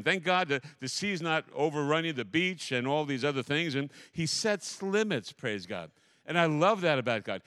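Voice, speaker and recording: A man preaching as a pastor in a church, telling a story with animated, repetitive preaching cadence. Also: a little high, no room sound, clean studio sound. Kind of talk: sermon.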